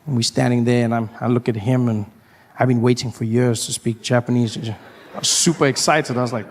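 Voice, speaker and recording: A man's voice: mid-range voice, a little fast, vocal fry, slight background noise. A man doing stand-up comedy on stage, telling stories animatedly and jumping into voices. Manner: animated, jumps into voices and accents. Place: comedy stage before an audience.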